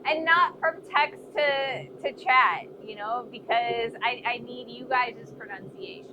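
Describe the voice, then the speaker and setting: A high-pitched woman with a Midwestern accent talks at an unhurried pace, chatty and self-deprecating, laughing often. She is streaming live from a blacksmith workshop. A clear layer of workshop noise and passing vehicles sits under her voice. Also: muffled recording. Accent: American Midwest. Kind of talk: casual live-stream chat. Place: forge workshop.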